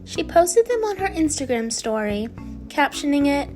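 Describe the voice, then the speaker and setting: High, lively woman narrating a compilation. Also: faint music behind. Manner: brisk, reads out posts and replies. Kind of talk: scripted voice-over narration.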